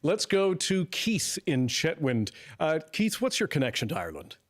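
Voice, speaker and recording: A man hosting a radio call-in show, taking listeners' calls in a brisk, friendly way. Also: a little high, wildly swooping pitch.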